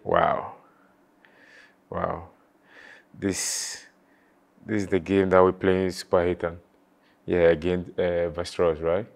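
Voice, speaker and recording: Reflecting on his playing days, this ex-footballer talks in a low, monotone voice with a touch of vocal fry. Emotion catches him now and then, bringing him close to tears, while he stumbles, repeats himself, and leans on "you know."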